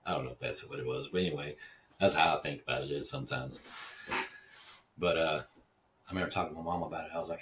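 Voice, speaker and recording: A man's voice: very deep voice, fairly even intonation, quick pace, pauses often, fairly bright tone, distant mic, a little hiss or hum. A man from Dallas, Texas, hosting a casual, rambling monologue, digressive and swearing casually. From Dallas, Texas (Oak Cliff). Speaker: podcast host.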